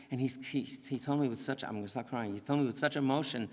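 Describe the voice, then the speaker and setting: A man's voice: medium pitch, quick pace, few pauses, a little mellow. Earnest guy giving a talk in a synagogue, keeps restarting his sentences, big echoey hall sound. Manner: earnest, talks in restarts and asides. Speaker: rabbi giving a presentation. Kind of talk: lecture to parents. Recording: long hall reverb.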